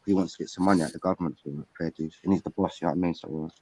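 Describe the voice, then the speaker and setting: A man's voice: sits low, fairly even intonation, racing, a little mellow, slightly rough, dry recording. A man chatting on a livestream panel, blunt and swearing freely as he talks in bursts. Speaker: panel guest. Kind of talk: casual livestream chat. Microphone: video call.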